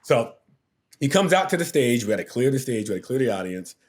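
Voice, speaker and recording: A man's voice: mid-range voice, very animated, fast. A TV producer on a podcast as a guest, telling a story animatedly, acting out the quotes and laughing as he goes.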